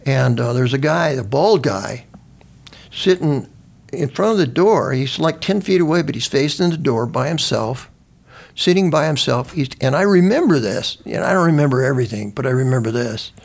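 A man's voice: medium pitch, expressive, moderate pace, creaky. An older man, a veteran guest, telling stories in a rambling, conversational way, often restarting his sentences and swearing now and then. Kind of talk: conversational storytelling.

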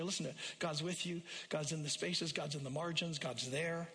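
Bright-voiced male pastor preaching in a reverberant hall. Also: fairly even intonation, normal speed, hardly any pauses. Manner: rises to a loud, high delivery when quoting scripture; repeats and restarts phrases for emphasis. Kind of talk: sermon. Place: church sanctuary.

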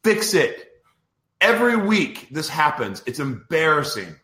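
A man's voice: a little high, sing-song, unhurried, sharp tone, reverberant. A man hosting a podcast in a casual live-stream chat, exasperated and ranting over technical trouble. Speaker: podcast host.

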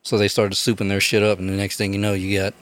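A man's voice: lowish voice, fast. A young man on a casual podcast, telling stories with lots of swearing and acting out the voices of the people in them. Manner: animated storyteller, acts out quotes, swears a lot. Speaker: podcast host. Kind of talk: casual chat.

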